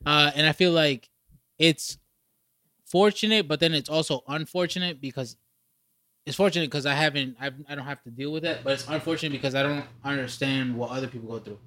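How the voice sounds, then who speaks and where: A man's voice: on the high side, steady tone, brisk, pushed and bright, no echo. A man in casual podcast chat, loose and profane, often restarting his sentences.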